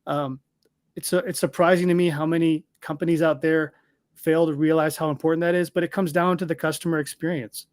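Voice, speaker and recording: A man speaking as an interview guest, explaining his company's software in a confident, explanatory way. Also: level tone, fairly quick, dry recording, studio quality. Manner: explanatory, confident pitch of a product. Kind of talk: casual interview talk.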